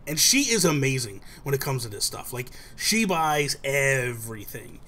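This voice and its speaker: A young adult man hosting a casual chat show, telling a story with lively acted-out quotes. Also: medium pitch, moderate pace. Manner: animated storyteller, acts out quoted voices. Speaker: host.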